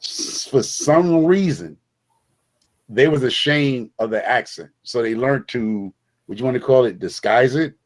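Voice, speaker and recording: A man's voice: medium pitch, unhurried. A middle-aged man from the Bronx, a guest in a casual conversation, telling stories emphatically with many repeats and restarts. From the Bronx, New York. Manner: emphatic, repetitive storyteller with frequent restarts.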